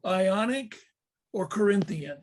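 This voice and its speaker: High-voiced man teaching with slides. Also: animated, slow pace, a little hiss or hum. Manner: explanatory, frequent fillers and restarts. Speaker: tour leader and teacher. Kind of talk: slide-based Bible history lesson.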